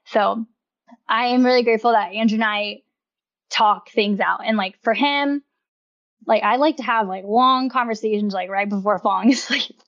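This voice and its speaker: A woman's voice: fairly high pitch, normal speed, fairly bright tone. Chatty woman, muffled sound. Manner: chatty, uses "like" constantly, laughs often. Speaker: podcast guest. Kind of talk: casual chat.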